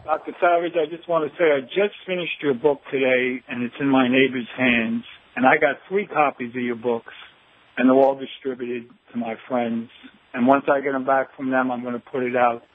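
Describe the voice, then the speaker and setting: A man's voice: medium pitch, fairly even intonation, moderate pace. A man calling in to a radio show, speaking earnestly and admiringly in a rambling way. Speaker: caller. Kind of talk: phone-in call. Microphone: telephone. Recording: phone line.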